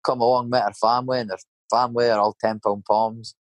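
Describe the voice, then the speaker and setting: A man's voice: mid-range voice, flat delivery, a little fast, no echo. A middle-aged Scottish man with a Scottish accent, rambling through casual anecdotes full of swearing and tag questions. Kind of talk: casual storytelling chat.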